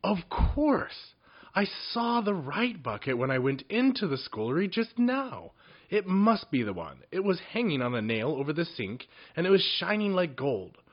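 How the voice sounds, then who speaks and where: A plucky fat little goblin, as a man puts him on in a storybook reading, pitched well above a normal speaking voice and bursting with excited energy. His lines come out quick and argumentative over a dull, lo-fi recording.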